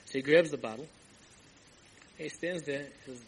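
A fairly high-pitched male voice, at a moderate pace with long pauses, comes through a low-quality archival tape carrying a little hum and faint background ambience. In his sermon, the rabbi animatedly narrates a Hasidic tale, acting out the conversation and weaving in words of Yiddish and Hebrew.

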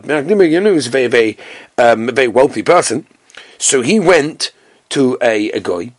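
A man teaching a Talmud class with Yeshivish Ashkenazi Hebrew pronunciation, reading the text and telling the story with animated storytelling. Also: moderate pace, dry recording, clean studio sound. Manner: animated storytelling, acting out characters with big jumps in pitch.

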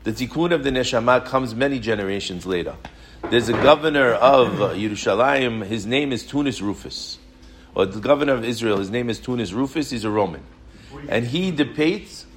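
A man teaching a Torah class, telling stories in an animated way and asking many rhetorical questions. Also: mid-range voice, a little fast, a little hiss or hum.

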